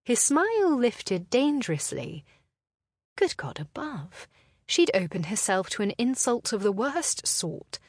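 A woman narrating a historical romance audiobook in a measured, expressive way. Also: on the high side, breathy edge, dry recording, clean studio sound.

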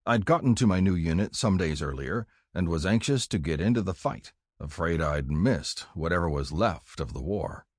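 An older man from California reading his own memoir aloud in a measured, plain storytelling manner. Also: low voice, expressive, no echo, studio quality. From California, USA. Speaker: author narrating his memoir. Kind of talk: audiobook memoir narration.

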